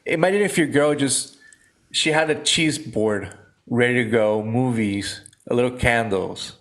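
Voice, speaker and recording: A man's voice: mid-range voice, unhurried, fairly bright tone. A man co-hosting a podcast, talking in an easygoing way and laughing along. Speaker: podcast co-host. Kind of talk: casual chat.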